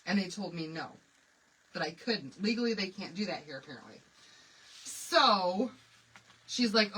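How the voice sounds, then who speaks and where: A woman hosting a craft livestream, telling stories in an animated, confiding way and talking to commenters by name. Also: fairly low pitch, unhurried, long pauses, husky, far from the mic, poor audio. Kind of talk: chatty storytelling while demonstrating a craft.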